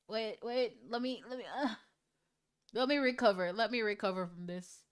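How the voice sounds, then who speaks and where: A woman streamer reading out a viewer's love story in a casual way, breaking into loud, shocked reactions and swearing. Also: on the high side, normal speed, clear, resonant tone.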